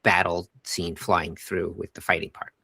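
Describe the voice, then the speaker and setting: Middle-aged man, co-host, low voice, dry close sound, animated scene-quoting. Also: moderate pace, gravelly, dry recording. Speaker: podcast co-host. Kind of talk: casual movie review chat.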